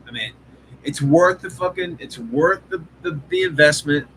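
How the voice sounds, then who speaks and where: A man's voice: on the high side, lively intonation, normal speed, fairly bright tone, slight background noise, poor audio. A man hosting a live hobby stream in casual chat, rambling and swearing often, full of fillers and restarts. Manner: rambling, profane, enthusiastic, lots of fillers. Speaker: hobby show host. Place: home hobby room.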